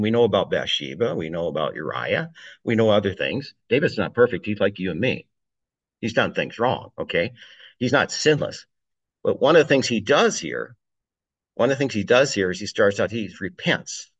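A man's voice: lowish voice, fairly bright tone, no room sound, highs cut off. A man giving a conversational sermon, reading scripture aloud and chuckling between points. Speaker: preacher. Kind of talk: informal sermon on a psalm.

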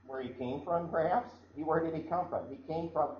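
A man's voice: on the high side, a little fast. Male pastor from Iowa, sermon, conversational, restarts phrases, echoey hall, dull faint-noise recording.

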